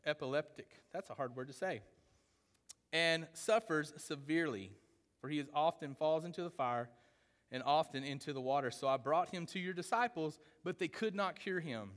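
A man's voice: a little high, lively intonation, normal speed, fairly bright tone, long reverb tail. A man preaching a sermon in a casual, conversational way, often checking in with the congregation. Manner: conversational teaching, often asks "right?". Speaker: pastor.

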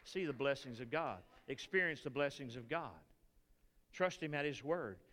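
Older texan preacher, chatty sermon, keeps asking are you with me, echoey church. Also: male voice, mid-range voice, expressive, normal speed, a bit bright. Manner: conversational preaching with frequent "are you with me" asides. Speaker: pastor. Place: church sanctuary. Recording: reverberant church hall with faint music.

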